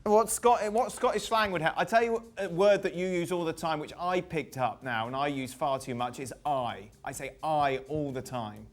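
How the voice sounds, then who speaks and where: A man's voice: a little high, moderate pace, few pauses. A male host reading out viewer questions and teasing his co-hosts in casual chat. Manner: teasing, playful. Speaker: show host.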